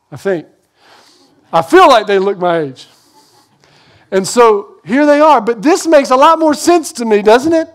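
A man preaching a sermon as pastor, conversational and animated, acting out bits of dialogue. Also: high voice.

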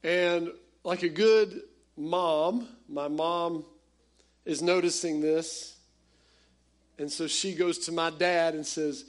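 A pastor preaching a conversational, animated sermon that speaks straight to his congregation. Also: fairly high pitch, slow pace.

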